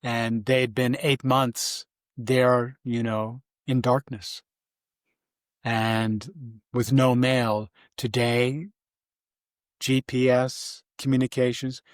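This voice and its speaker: A man's voice: little pitch movement, slow pace, dry recording, studio quality. An older man telling stories from his life in a casual interview. He rambles and halts, with many restarts and fillers. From Vermont, USA. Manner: briefly mimics his mother in a high voice. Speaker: interview guest.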